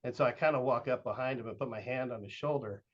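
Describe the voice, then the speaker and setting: A man's voice: medium pitch, fast. A middle-aged man from Southern Oregon tells a long story as a guest on a podcast. He is a youth baseball coach. His speech wanders, full of "uh" and "like" and acted-out snippets of dialogue, and the recording sounds slightly dull and lo-fi. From Southern Oregon, USA. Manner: rambling, with frequent "uh" and "like", acting out quoted dialogue.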